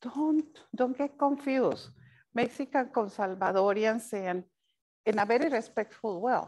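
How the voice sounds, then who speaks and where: Earnest woman speaking haltingly. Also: on the high side, darkish tone, rough recording. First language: Spanish. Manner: earnest, halting, with frequent restarts and repeated words; mixes Spanish phrases into English. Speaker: advocate speaking to service providers. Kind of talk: panel talk.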